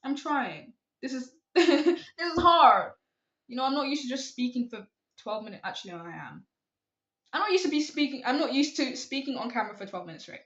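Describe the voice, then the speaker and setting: A young woman chats to her camera, giving advice in a loose, rambling way and poking fun at herself. Her voice sits a little high. The sound is dull and lo-fi, with a roomy echo. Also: animated, fast. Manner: chatty, rambling, self-deprecating. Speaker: vlogger. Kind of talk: casual talking-to-camera advice.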